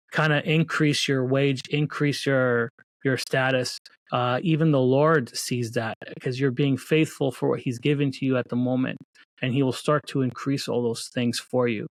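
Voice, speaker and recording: A man tells his own story as an interview guest, earnest and faith-filled, often restarting his sentences. His voice sits at an ordinary pitch and is recorded close, with a dry sound. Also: dry recording. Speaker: guest, children's book author. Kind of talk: casual interview talk.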